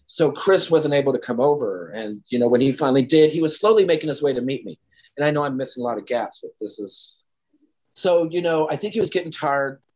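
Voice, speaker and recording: A man's voice: fairly high pitch, darkish tone, dull audio. A man telling a candid personal story as an interview guest, rambling with lots of "you know" and "like".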